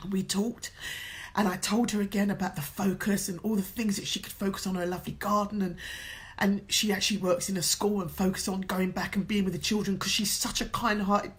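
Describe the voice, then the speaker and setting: An emotional middle-aged woman coach talks straight to her viewers in a heartfelt, earnest way, her voice at an ordinary middle pitch for a woman. She sounds moved, as if close to tears, yet keeps encouraging and lifting her listeners. She comes across as sincere and personal. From England. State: runny nose, emotional. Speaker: motivational speaker and coach. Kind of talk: emotional direct-to-camera talk.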